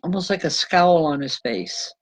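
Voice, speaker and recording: Over a rough recording, a woman with a lowish voice talks at normal speed as a reverend doing live spiritual readings for viewers. Her manner is informal and chatty, full of endearments like hon and babe, ums, restarts, and self-corrections. She laughs often and apologizes to the audience.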